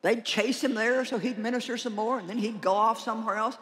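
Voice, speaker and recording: In a large hall, a woman with a fairly high voice preaches a conference sermon at a brisk pace. She is animated and joking, and she calls out her key lines loudly.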